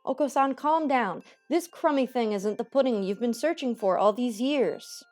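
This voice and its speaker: A woman voicing the game's earnest young man, calmly reasoning with a friend. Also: fairly high pitch, normal speed, soft background music, lightly acted. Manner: calm, earnest persuading.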